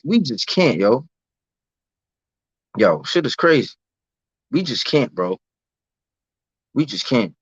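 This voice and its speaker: A man's voice: a little high, a bit bright, no echo. Young man, american, casual live rant, street slang, repeats phrases, muffled dry recording. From United States. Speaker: live-stream host. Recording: dull lo-fi dry sound.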